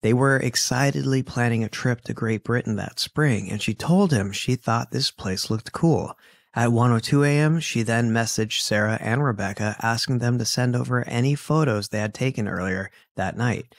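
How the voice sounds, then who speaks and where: A man co-host narrating a true-crime story in a steady, even way. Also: mid-range voice, moderate pace, vocal fry, no echo, studio quality. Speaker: podcast co-host.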